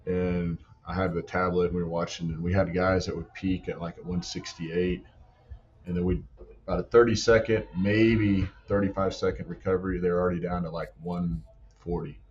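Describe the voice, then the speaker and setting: A man's voice: deep voice, moderate pace, dull audio. A man who coaches football strength and conditioning, telling training stories in a casual chat full of "like" and "you know". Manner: animated storytelling, many "like" and "you know" fillers. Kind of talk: casual podcast conversation.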